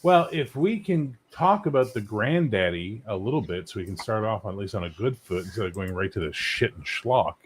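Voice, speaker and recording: A man's voice: on the low side, animated, a little hiss or hum. Brash, teasing man on a podcast. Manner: brash, teasing, quick to needle the others. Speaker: podcast co-host. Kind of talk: casual podcast banter.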